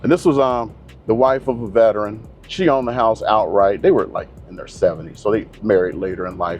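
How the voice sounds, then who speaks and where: A man's voice: lowish voice, steady tone, normal speed, a little mellow, faint music behind. A middle-aged man talking in a car, blunt, opinionated and rambling, a real estate agent hosting his own channel. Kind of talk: casual monologue to camera.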